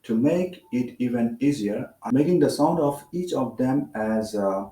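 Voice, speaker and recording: Indian-accented male tutor, mellow tone, mic off at a distance, roomy echo, light hum. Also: medium pitch, lively intonation. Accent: Indian English. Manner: measured, explanatory with frequent "uh" fillers. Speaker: English teacher. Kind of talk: spoken English lesson.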